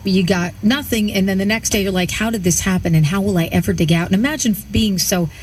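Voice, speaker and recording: A woman's voice: mid-range voice, fast, darkish tone. A woman hosting a casual radio interview, enthusiastic and upbeat, with faint noise behind her. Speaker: radio host.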